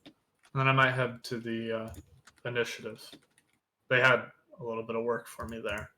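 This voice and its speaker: A man's voice: medium pitch, flat delivery, moderate pace, pushed and bright. A man playing a tabletop game, describing his character's actions in a casual, hesitant way. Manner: casual, hesitant, laughs often. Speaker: player.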